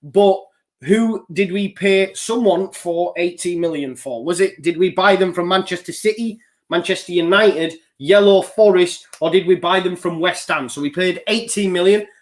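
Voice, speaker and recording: At a normal speed, this male host keeps up relaxed chatter while running a live online quiz, listing the answer options in a steady rhythm. He's loose and self-deprecating, making small slips and laughing them off, and his voice is slightly high for a man.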